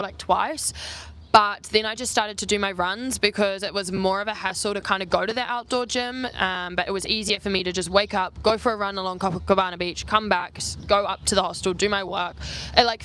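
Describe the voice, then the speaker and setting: A woman's voice: medium pitch, pushed and bright, slight background noise. A young woman from New Zealand, a travel vlogger answering viewer questions in a casual, rambling chat full of "like". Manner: chatty, heavy use of "like", quick asides. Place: outdoors on an island.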